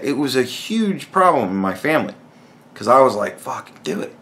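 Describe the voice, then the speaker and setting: A man rambles through a casual solo podcast monologue, blunt and quick to swear. His pitch swings widely as he talks, and he often restarts his sentences. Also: expressive, pushed and bright. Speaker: podcast host.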